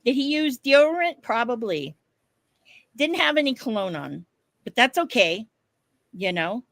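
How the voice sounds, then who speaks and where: A woman co-hosting a podcast, telling a story in casual chat, animated, laughing often and swearing casually. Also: a little high, unhurried, no echo. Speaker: podcast co-host.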